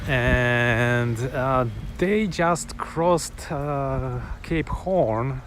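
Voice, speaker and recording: With a mid-range voice and drawn-out words, a man vlogs casually to camera outdoors on a sunny afternoon against a noisy background. He rambles enthusiastically, restarting phrases and chuckling a little.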